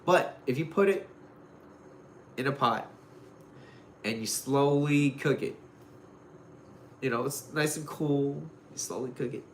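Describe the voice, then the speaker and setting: A man's voice: mid-range voice, slow pace, long pauses. A man giving casual dating advice in a loose, rambling way, full of "like" and "you know". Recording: roomy echo with faint noise.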